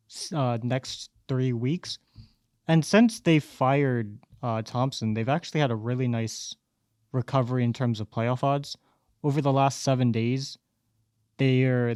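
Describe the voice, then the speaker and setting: Brief: male podcast co-host, mid pitch, clean resonant voice, measured analysis, dry sound. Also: a little mellow, clean tone, no echo. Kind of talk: casual sports analysis.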